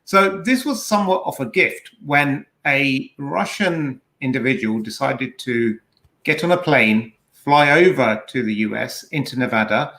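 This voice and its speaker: A man co-hosting a casual podcast, retelling a story with lively energy and plenty of false starts. His voice sits at an ordinary pitch. The room around him rings with a clear echo. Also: unhurried. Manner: animated, rambling storytelling with frequent restarts. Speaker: podcast co-host. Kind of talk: casual security podcast chat.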